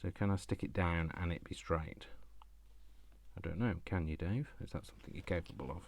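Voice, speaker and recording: A man who talks fast and loud, chatting to himself by name while making crafts. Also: low voice, fairly even intonation. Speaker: crafting channel host. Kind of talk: casual chat while crafting.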